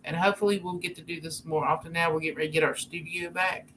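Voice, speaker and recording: Bright-voiced woman signing off a stream. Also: fairly low pitch, steady tone, quick pace, slight background noise, low-quality recording. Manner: teasing and warm sign-off. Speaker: host of a live stream. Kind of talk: casual chat. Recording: live stream with faint ambience.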